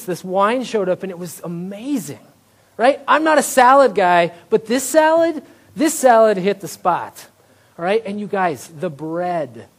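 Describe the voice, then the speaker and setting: A male pastor preaching a conversational sermon, often checking in with "right?" and joking about himself. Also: high-pitched. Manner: conversational, tag questions like "right?"; self-deprecating humor.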